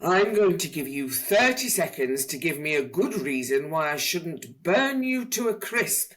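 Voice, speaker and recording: A huge male dragon from a children's storybook, a blustering bully who bellows his threats, put on by a woman reading aloud. His voice is loud and pushed high with force. It swoops widely and takes its time. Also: huge pitch swings, slow, full character voice. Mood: threatening. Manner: loud bellowing, roaring laughs.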